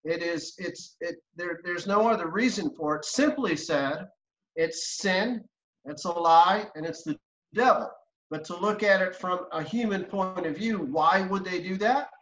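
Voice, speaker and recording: A man's voice: sits high, measured pace, a bit bright. A male guest speaking fervently on a religious broadcast, building emphatic lists of reasons. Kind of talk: preaching commentary. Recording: echoey dull-sounding room.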